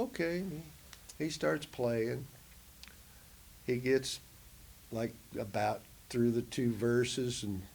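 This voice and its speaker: A man, a band member, telling stories in a casual oral history interview in a museum, animated at times and dropping soft on sad parts. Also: medium pitch, a little hiss or hum. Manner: animated, acts out quotes in a raised voice.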